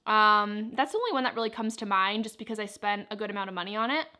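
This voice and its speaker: A woman's voice: medium pitch, expressive, fast, sharp tone. A young woman vlogger chatting casually, answering viewer questions while she eats. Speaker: plant vlogger.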